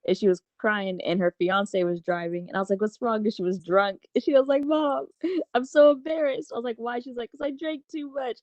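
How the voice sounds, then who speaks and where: A woman in her forties telling animated stories in a casual group discussion, laughing often. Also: mid-range voice, a little fast, few pauses, dry recording, highs cut off. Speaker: open mic participant.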